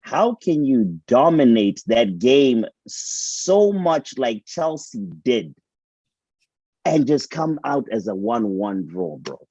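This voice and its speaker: A man's voice: medium pitch, very animated, slow, warm tone, no room sound, muffled recording. A man co-hosting a football show, chatting casually and repeating words as he thinks. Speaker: co-host.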